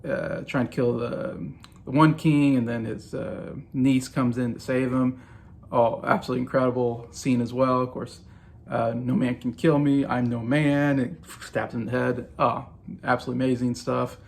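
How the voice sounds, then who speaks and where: Gravelly-voiced enthusiastic man. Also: medium pitch. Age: 40s. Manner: enthusiastic, rambling with fillers and restarts. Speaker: movie vlogger. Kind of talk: casual movie ranking vlog.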